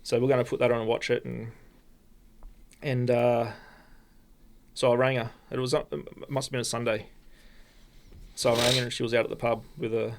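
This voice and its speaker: An Australian man, a podcast guest, telling a personal story in a halting, rambling way with many restarts. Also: medium pitch, flat delivery, slight background noise. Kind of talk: casual storytelling.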